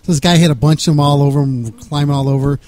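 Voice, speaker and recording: A man's voice: a little high, fairly even intonation, fast, darkish tone. A man co-hosting a radio show, telling a rambling anecdote with frequent chuckles. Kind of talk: casual storytelling on radio.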